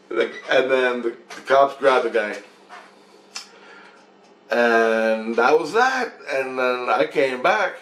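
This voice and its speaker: A man's voice: mid-range voice, takes it slowly, pauses often, fairly bright tone, roomy sound, slight background noise. A man telling a rambling, profane story as a casual monologue, recounting events animatedly.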